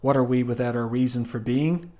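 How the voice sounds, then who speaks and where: A man's voice: mid-range voice, a little fast, darkish tone, natural voice. A man reading the lines of a despairing adult male writer, in his own voice.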